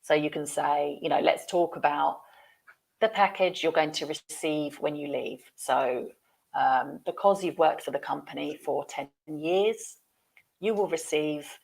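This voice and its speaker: A woman's voice: sits low, a little slow, gravelly, darkish tone. A woman teaching business English, explaining phrases patiently.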